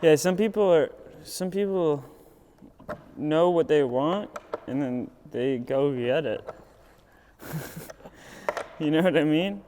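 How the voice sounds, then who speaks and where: A young man, a pro skateboarder, telling stories in a casual, animated way, laughing a lot and acting out what people said. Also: a little high, slow pace, long pauses. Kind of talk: casual storytelling. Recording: echoey room with loud background noise.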